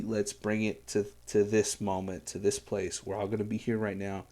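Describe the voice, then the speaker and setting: A man's voice: on the low side, little pitch movement, normal speed, hardly any pauses, dark tone. A man hosting a music reaction video, talking in an earnest, rambling way with many fillers and restarts. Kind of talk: casual reaction commentary.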